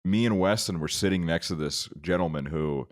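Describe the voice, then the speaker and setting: A young man co-hosting a podcast in casual chat, relaxed, laughing easily and adding chatty asides. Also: low voice, moderate pace, no echo, studio quality. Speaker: podcast co-host.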